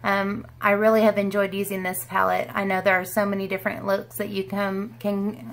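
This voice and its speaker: A woman's voice: mid-range voice, flat delivery, moderate pace, hardly any pauses, slight background noise. A woman chatting through a makeup tutorial in her room at home, in a bubbly, rambling way. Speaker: beauty vlogger. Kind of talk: casual makeup tutorial chat.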